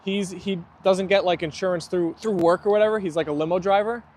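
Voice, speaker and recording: A man's voice: sits high, steady tone, a little fast, darkish tone. A young man hosting a live stream outdoors, chatting easily and reading viewer comments aloud while his dogs play. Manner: chatty and easygoing, laughs often. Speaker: livestream host.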